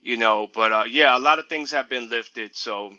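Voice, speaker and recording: A man from the United States, a musician guest, talking in a relaxed, easygoing way and often saying "you know". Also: mid-range voice, moderate pace, dull audio. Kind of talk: casual interview chat.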